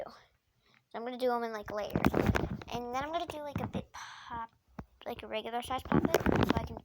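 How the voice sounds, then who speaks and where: Nervous chatty woman over loud clicking. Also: fairly high pitch. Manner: chatty, nervous, lots of "like" and "oh my gosh". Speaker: vlogger. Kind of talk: casual narration while stacking toys. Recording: loud clicking noise behind voice.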